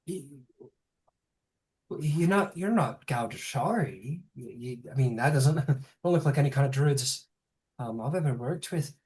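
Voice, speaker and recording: A game master voicing an older female elf druid who is bewildered and anxious, talking in halting, stammering restarts. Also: mid-range voice, expressive, a little mellow, lightly acted. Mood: worried. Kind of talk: tabletop role-play.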